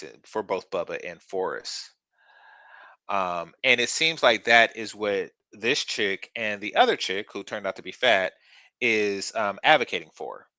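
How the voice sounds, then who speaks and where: A blunt, crude man hosts a reaction commentary, mocking what he has just watched. His voice is fairly low but bright and forceful, recorded close and dry. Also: no room sound. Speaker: commentary channel host.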